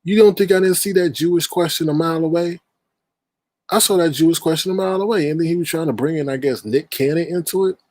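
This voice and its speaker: A man's voice: on the high side, fast, a little mellow, dry recording. A man hosting a livestream panel in casual chat, exasperated and laughing as he scolds the guests. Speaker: panel host.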